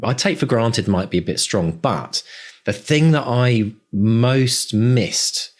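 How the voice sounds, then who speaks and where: A man's voice: mid-range voice, takes it slowly. A man co-hosting a podcast, chatting casually and rambling with many restarts. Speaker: podcast co-host.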